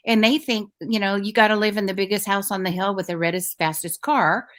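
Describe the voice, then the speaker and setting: A woman as a talk show guest, explaining in a relaxed conversational way with everyday examples. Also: mid-range voice. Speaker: guest financial expert. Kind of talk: casual talk show chat.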